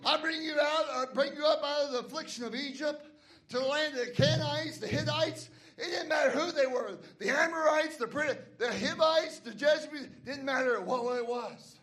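A woman preacher delivering an impassioned, shouted sermon to her congregation, driving points home with rhythmic repetition. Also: high voice, moderate pace, roomy sound. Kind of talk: Pentecostal-style shouted sermon. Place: church with a congregation. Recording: live church sermon with crowd noise. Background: congregation audible.

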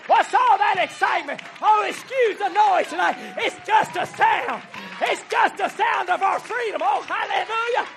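A high, gravelly-voiced man preaches a fiery revival sermon, hammering out repeated phrases and shouting exhortations to the people. A congregation murmurs faintly behind him in the hall. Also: moderate pace, hardly any pauses, faint music behind, a faint crowd. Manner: shouting, rhythmic repetition, call-and-response exhortation. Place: church banquet hall.

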